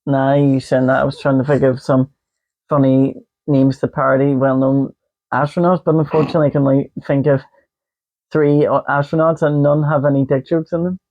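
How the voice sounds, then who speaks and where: A man's voice: mid-range voice, flat delivery, a little fast. A man co-hosting a casual podcast, rambling and joking with lots of fillers. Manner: rambling, jokey, many fillers. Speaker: podcast co-host. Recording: dull lo-fi podcast audio.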